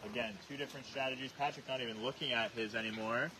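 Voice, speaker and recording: A man's voice: medium pitch, quick pace. Man hosting a challenge over background noise. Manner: steady, instructive, calls himself monotone. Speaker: challenge host. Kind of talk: explaining rules and calling the challenge live. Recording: noisy on-location recording.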